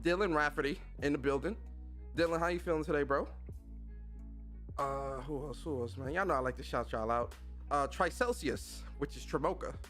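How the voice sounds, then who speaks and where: Slangy, lively male podcast host. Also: fairly high pitch, normal speed, soft background music. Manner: energetic, slangy shout-outs to chat. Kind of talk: casual livestream chat.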